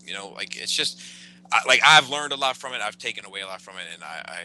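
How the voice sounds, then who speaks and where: A man co-hosting a casual podcast, halting and restarting often, with fillers and swearing. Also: lowish voice, lively intonation, pushed and bright, poor audio. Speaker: podcast co-host.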